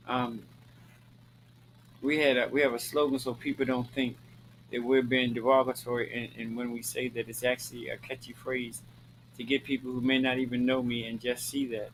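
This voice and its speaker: In a casual talking-head monologue, a Maryland host speaks to his viewers with flamboyant sass, calling them honey and girl and swearing liberally, preachy and emphatic as he repeats lines for effect. His voice is medium-pitched, and the poor audio has a little hiss or hum.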